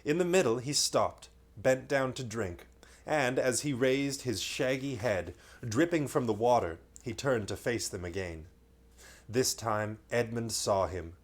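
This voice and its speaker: A man's voice: on the low side, a little slow. A man reading a bedtime story aloud, breaking off now and then for playful joking asides.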